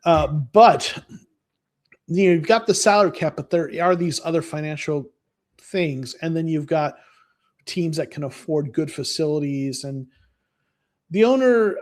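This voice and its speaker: A man's voice: fairly high pitch, animated, a little slow, long pauses, a little mellow. A man talking as a football fan guest, rambling with lots of restarts and fillers. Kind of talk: casual podcast chat.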